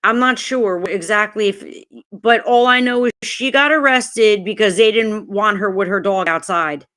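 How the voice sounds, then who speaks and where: Woman streamer, mid-pitched, ranting hot and swearing freely, greets her chat viewers mid-sentence. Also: moderate pace, a bit bright. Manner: heated, profane, blunt. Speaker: livestreamer. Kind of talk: live-stream chat rant.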